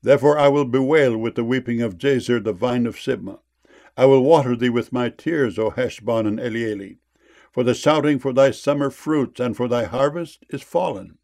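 A man reading scripture aloud in a measured, solemn way. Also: medium pitch, a little mellow.

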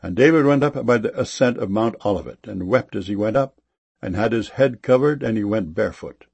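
A man giving a measured, solemn scripture reading. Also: fairly low pitch, creaky, a little mellow, slightly rough. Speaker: scripture reader.

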